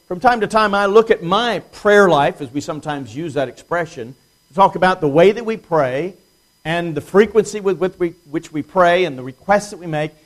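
A male preacher with a slightly high voice teaches an evening Bible study to his congregation. He talks in a plain, unhurried way, slows down to stress key words, and drops in dry, self-deprecating humor. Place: church congregation.

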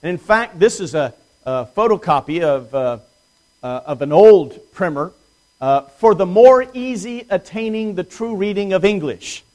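At an evening Bible study, a male preacher teaches his church congregation in a plain, unhurried manner, slowing to stress key words and adding dry, self-deprecating humor. His voice is slightly high and darkish in tone, with lively intonation.

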